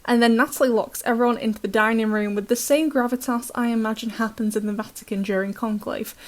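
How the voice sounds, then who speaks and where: Casting: British woman, higher voice, sarcastic chatty recap host. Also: fairly even intonation, fast talker. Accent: British English. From Britain. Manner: chatty, sarcastic, laughs often.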